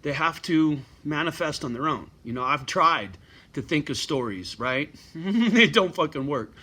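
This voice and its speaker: Man, middle-aged, swearing, surly, home vlog, bright voice. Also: on the high side, animated, a little slow. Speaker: vlogger. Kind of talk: profane rant to camera. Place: at home with his dog.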